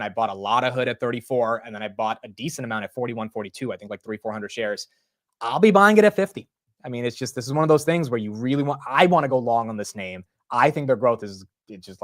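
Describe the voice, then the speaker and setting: A man's voice: medium pitch, no room sound, clean studio sound. A young man hosting a live market stream, chatting casually about stock prices and answering his chat with "bro" and "dude". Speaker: livestream market commentator.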